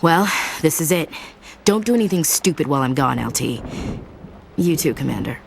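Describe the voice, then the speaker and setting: A tough female marine talks in a blunt, sardonic way. Her voice sits low for a woman, over a faint hum. This is video game dialogue. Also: expressive, moderate pace, gravelly. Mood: earnest. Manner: blunt, sardonic soldier talk.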